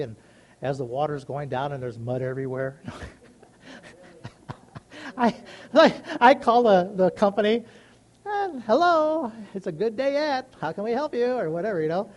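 High-voiced man in folksy faith talk. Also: a little mellow. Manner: earnest, rambling, folksy storytelling with many asides. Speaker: Christian speaker sharing a personal story. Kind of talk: casual devotional talk.

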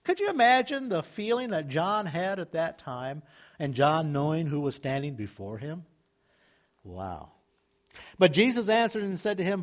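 A man preaching a sermon in a conversational way, swinging between loud, emphatic lines and quiet asides. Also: high-pitched, expressive, normal speed. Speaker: pastor.

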